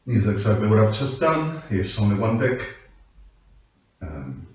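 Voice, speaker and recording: A man's voice: lowish voice, sing-song, a little slow. A man in a rambling monologue, switching languages and apologizing again and again. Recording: echoey, distant, dull lo-fi.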